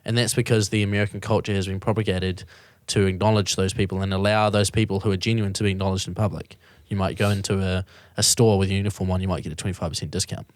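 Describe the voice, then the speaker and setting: A man chats casually on a podcast, his voice sitting low. He rambles with many restarts and the odd swear, recorded dry and close with no room sound. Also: flat delivery, fast talker, hardly any pauses, dry recording. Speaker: podcast host. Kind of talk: casual chat.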